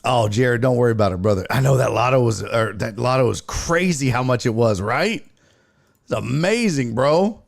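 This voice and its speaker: Animated, profane man hosting a sports stream. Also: moderate pace, creaky. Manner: loose, profane, shouts out chat viewers by name; lively, jumpy pitch when retelling. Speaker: sports podcast host. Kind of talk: casual livestream chat.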